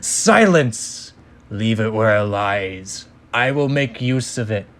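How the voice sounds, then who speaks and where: A menacing villain lord who booms every word slowly and heavily, as a man puts him on. He speaks louder than the reader's own voice and drags out his threats, full of cold authority. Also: creaky. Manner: booming, slow and commanding. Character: villainous dark master, male, booming and menacing.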